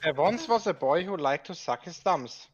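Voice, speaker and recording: A man telling dark jokes in a dry, deadpan way during a group commentary. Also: a little high, moderate pace, dull audio. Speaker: video commentator.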